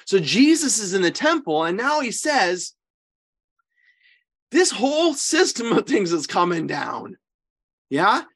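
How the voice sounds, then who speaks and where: A man's voice: sits high, very animated, slow pace, long pauses, a bit bright, husky. A man, a priest, leading an informal Bible study. He speaks emphatically, keeps checking in with his listeners and often restarts or corrects himself mid-sentence. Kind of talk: informal scripture teaching.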